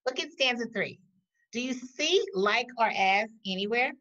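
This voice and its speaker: Teacher, woman, slow deliberate classroom delivery, lively pitch, muffled recording. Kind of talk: recorded poetry lesson. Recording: dull lo-fi audio.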